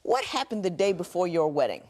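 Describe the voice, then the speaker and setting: A woman's voice: fairly low pitch, wildly swooping pitch, fairly quick, a little mellow. A woman presiding as a TV judge, putting pointed, probing questions to the couple. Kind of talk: courtroom questioning.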